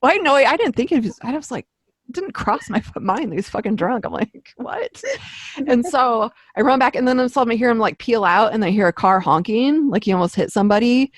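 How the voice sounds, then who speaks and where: Animated young woman telling a story. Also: on the high side, fast talker, dry recording. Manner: animated, swears often, acts out her own quotes. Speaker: podcast co-host. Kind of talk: casual chat, storytelling. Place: home office. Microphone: podcast mic.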